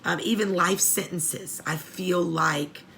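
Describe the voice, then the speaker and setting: A woman's voice: fairly low pitch, fairly even intonation, slow, a bit bright, a little hiss or hum. A middle-aged woman hosting a support show for families of prisoners, talking earnestly and getting choked up as she repeats her points. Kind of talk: heartfelt advice talk.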